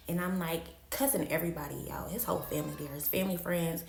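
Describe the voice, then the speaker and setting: A woman's voice: fairly low pitch, steady tone, fairly quick, few pauses, reverberant, slight background noise. A woman telling a personal story in a casual vlog, slangy and candid, repeating phrases for emphasis. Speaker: storytime vlogger.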